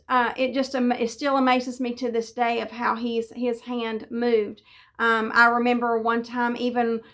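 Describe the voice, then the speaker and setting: A woman's voice: on the high side, a bit bright. A middle-aged woman giving a personal devotional testimony, telling her story earnestly with fillers and restarts. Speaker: devotional speaker.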